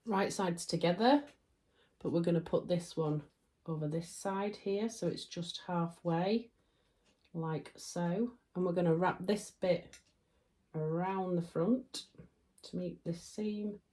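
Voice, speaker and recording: Yorkshire lady doing a casual sewing tutorial at home, bit low voice, friendly self-deprecating chatter. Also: warm tone. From Yorkshire, England.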